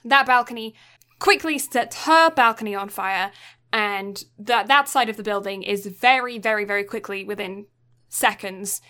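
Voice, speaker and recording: A woman's voice: mid-range voice, moderate pace, pushed and bright. A young woman co-hosting a podcast, retelling a film's plot in a chatty, casual way with lots of fillers. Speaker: podcast co-host. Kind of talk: casual film recap.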